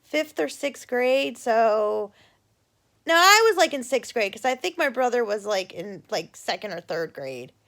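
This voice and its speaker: A woman's voice: fairly high pitch, unhurried. A middle-aged woman casually telling a childhood story on her vlog, swearing freely and acting out the quoted voices. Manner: animated, swearing, acts out voices in quoted lines. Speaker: vlogger.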